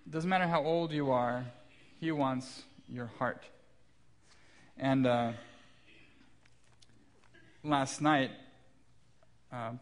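A man in his thirties, a pastor preaching a sermon in a church, telling stories about his young kids with light self-deprecating humor. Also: mid-range voice. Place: church sanctuary.

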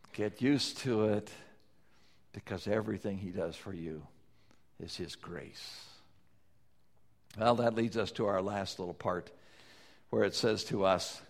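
Guy preaching a sermon, lowish voice, goes from loud pleading to quiet and back. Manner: preaching with wide swings between loud pleading and soft low lines. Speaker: pastor.

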